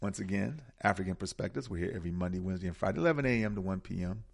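A man's voice: sits low, creaky. A man hosting a radio talk show, speaking with an emphatic, preaching cadence and repeating key words. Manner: preaching cadence with dramatic pauses.

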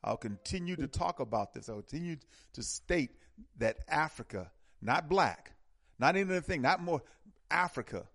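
A man's voice: fairly high pitch, expressive, moderate pace, vocal fry, fairly bright tone. A man hosting a call-in radio talk show, speaking in an emphatic way.

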